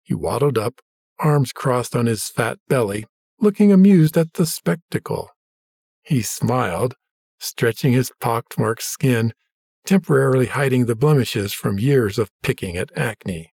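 A man reading a story aloud in steady scripted narration, shifting his voice for the characters' lines. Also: mid-range voice, a little slow, vocal fry, husky, no echo, clean studio sound. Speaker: audiobook narrator.

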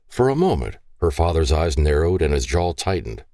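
A man narrating an audiobook in a measured, expressive storytelling manner. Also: very deep voice, no echo, clean studio sound.

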